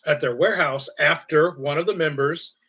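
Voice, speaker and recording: Casual co-host, somewhat high-pitched man, animated, profane, does voices. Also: moderate pace, husky. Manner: animated storyteller, acts out quotes in a high voice, swears. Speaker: podcast co-host. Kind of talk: casual chat.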